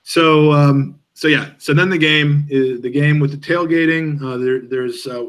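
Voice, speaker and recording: A man hosting a podcast in casual chat, talking in a halting, joking way with many fillers and restarts. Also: on the high side, fairly even intonation, fairly bright tone. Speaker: podcast host.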